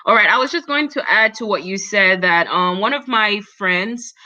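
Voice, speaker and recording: A woman's voice: medium pitch, moderate pace, sharp tone, muffled recording. A woman moderating an online panel, giving short encouraging acknowledgements and asking guests questions. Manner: brief encouraging backchannels. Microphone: video call.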